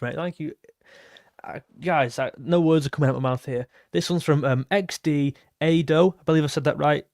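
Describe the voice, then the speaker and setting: A man's voice: a little high, moderate pace, darkish tone, dry recording, clean studio sound. A young man hosting a casual football fan livestream, reading out viewer messages and thanking donors in a chatty way. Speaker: football channel host reading donations.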